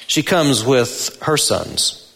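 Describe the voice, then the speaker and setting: Male pastor, unhurried sermon delivery, mid-pitched, big reverberant hall. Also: sing-song, gravelly, a bit bright. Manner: deliberate, emphatic preaching with rising stresses on key words. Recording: long reverb of a large hall.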